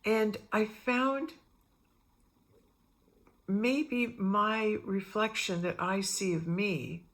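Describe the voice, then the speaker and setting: A woman's voice: medium pitch, extremely slow. A middle-aged woman vlogging about spiritual matters, telling meandering personal stories and acting out the voices of the people in them. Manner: meandering, animated re-enactments with quoted voices. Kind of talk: rambling personal storytelling.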